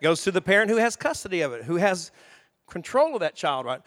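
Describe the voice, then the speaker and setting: A man preaching a sermon as a pastor, acting out arguments and rising to shouts. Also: sits high, very animated, quick pace. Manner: acts out both sides of arguments, rising to shouting. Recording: long hall reverb.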